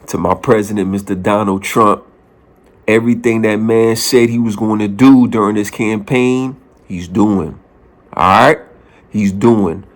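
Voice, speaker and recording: A man from the Bronx, talking in a casual opinion vlog and hammering his points with repeated phrases. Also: lowish voice. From New York, the Bronx. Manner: emphatic, repeats phrases for punch. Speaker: vlogger.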